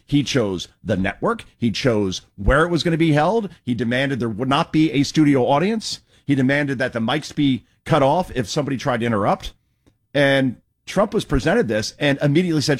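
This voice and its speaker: A man's voice: medium pitch, expressive, fast. A man hosting a talk show, giving sarcastic, mocking political commentary.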